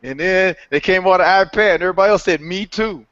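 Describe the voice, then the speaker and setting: Halting motivational man, dry muffled sound. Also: sits high, fairly bright tone, smooth, no room sound. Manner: halting, many fillers, then emphatic and laughing. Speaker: author and mentor guest. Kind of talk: motivational talk on a live call.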